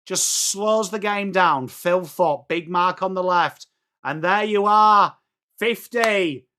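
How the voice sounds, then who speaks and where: An English man hosting a fan watchalong, chatting through the match as live fan commentary and breaking into shouts at big plays. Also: high-pitched, takes it slowly. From England.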